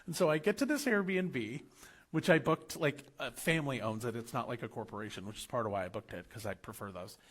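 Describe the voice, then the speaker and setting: A young American man telling a travel story in a casual vlog, animated and laughing often as he acts out the people he met. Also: medium pitch, brisk. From United States.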